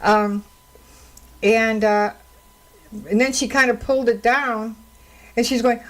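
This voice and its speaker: A woman's voice: on the high side, fairly even intonation, slow pace, pauses often, low-quality recording. A woman radio host and counselor talking on her own into a studio microphone, telling stories in an indignant, conversational way. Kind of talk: solo radio talk commentary.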